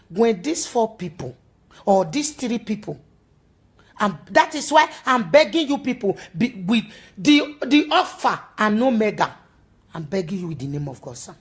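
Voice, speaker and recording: Her voice is mid-range, with a Nigerian accent, as she pleads emotionally and over and over. At times her appeal slips into a sung chant.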